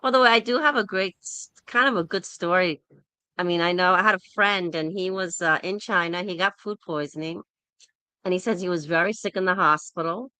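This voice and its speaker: A woman's voice: lowish voice, a little fast, clear, resonant tone, dry recording. A woman hosting a casual group discussion over an online call, telling stories and acting out the people in them. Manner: animated storyteller who acts out quoted people.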